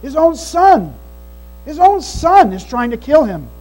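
Preacher, male, very high-pitched, earnest emphatic sermon delivery, faint hum on the recording. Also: big pitch swings, measured pace, mellow, low-quality recording. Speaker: pastor. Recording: mains hum behind the voice.

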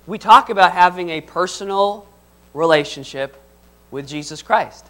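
A man's voice: high voice, moderate pace, pushed and bright. A man preaching a conversational sermon, reading scripture aloud and asking his listeners questions. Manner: conversational, asks the audience questions.

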